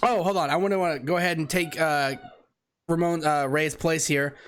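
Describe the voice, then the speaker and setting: A man's voice: on the high side, fairly even intonation, moderate pace, a bit bright, clear, resonant tone. A man from Texas co-hosting a casual sports podcast, blunt, profane and opinionated. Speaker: podcast co-host.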